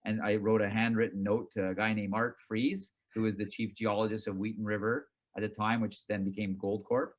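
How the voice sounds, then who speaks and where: A middle-aged man, chairman and CEO of a company, casually telling the story of his career in an interview, animated and self-mocking, acting out his own past reactions. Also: fairly low pitch, a little fast, hardly any pauses.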